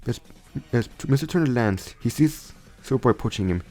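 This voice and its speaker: A man's voice: medium pitch, expressive, a little fast, darkish tone. A young man casually retelling a fan story, rambling with frequent restarts and self-corrections.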